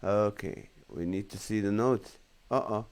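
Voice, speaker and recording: Smooth-voiced joking male comedian host. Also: fairly low pitch, unhurried, a little mellow. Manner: jokey, reads comments aloud and laughs along. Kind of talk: casual live-stream chat reading viewer comments.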